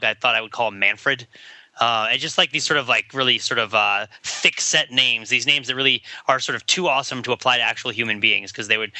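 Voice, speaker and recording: A man on a podcast panel, a bit hoarse, chatting in a jokey, digressive way. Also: mid-range voice, pushed and bright, no echo. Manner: jokey, digressive, many fillers. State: slightly hoarse. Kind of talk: casual podcast chat.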